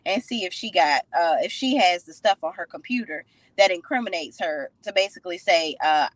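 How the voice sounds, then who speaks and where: A woman giving a casual recap of a TV episode, sassy and opinionated, retelling scenes with animated commentary. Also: on the low side, normal speed, no room sound, low-quality recording. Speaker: TV show recap reviewer.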